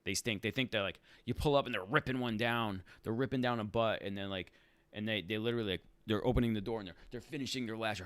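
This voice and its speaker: A man hosting a casual livestream Q&A for rideshare drivers, animated and talking in fits and restarts. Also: fairly low pitch, fast, clear, resonant tone, dry recording. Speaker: rideshare channel host answering live chat.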